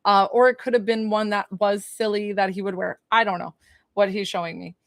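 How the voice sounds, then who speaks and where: A woman's voice: medium pitch, little pitch movement, a little fast, gravelly, no room sound. Chatty woman giving a dry-sounding psychic reading. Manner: chatty, hesitant, many fillers and questions. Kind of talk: live-streamed spiritual reading.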